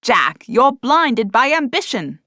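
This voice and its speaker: Woman playing a scared first mate, high strained pleading voice, loud, anxious, audiobook. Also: sing-song, takes it slowly, no room sound, clean studio sound, heavily acted. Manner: pleading, worried.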